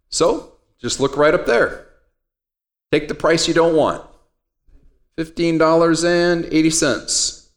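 A man's voice: a little high, a bit bright. A man teaching an options trading class, talking conversationally, quizzing the students and telling everyday stories. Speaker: trading instructor. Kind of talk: classroom lecture.

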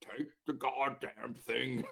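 A man voicing a gruff, dying older man with a deep, gravelly voice and slow, terse demands. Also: fairly even intonation, bright, forceful tone, full character voice.

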